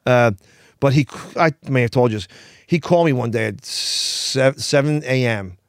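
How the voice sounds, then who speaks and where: A man's voice: mid-range voice, no echo, clean studio sound. A man telling long rambling stories in casual podcast chat, stumbling over restarts. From Philadelphia area. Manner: rambling, halting with many restarts. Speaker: podcast guest. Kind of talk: casual storytelling.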